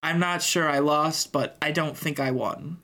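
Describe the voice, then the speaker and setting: A man's voice: on the high side, steady tone, a little slow, creaky, bright, forceful tone. A man co-hosting a casual sports podcast, heated and swearing as he retells events. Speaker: podcast co-host.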